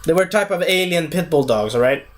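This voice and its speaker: Rambling man with a higher voice. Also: animated, a little fast. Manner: rambling, loses his thread and corrects himself. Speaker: movie reviewer. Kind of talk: casual spoken movie review.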